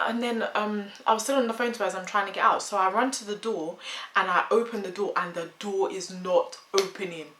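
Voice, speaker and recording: A young woman in her twenties chatting through a storytime vlog with animated storytelling. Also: mid-range voice, fairly quick. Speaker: vlogger. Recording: echoey room, faint hum.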